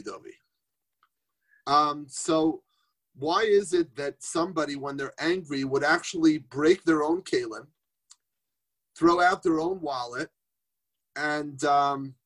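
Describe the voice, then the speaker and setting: A man's voice: fairly high pitch, a bit bright, breathy edge. A man teaching Torah informally on a group phone call, conversational, asking rhetorical questions and mixing in Yiddish and Hebrew terms.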